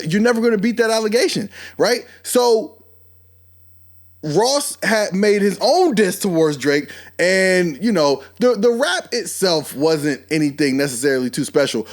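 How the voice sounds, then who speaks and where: A man hosting a podcast, giving casual, animated commentary and talking straight at the people he discusses. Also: sits high. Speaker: podcast host.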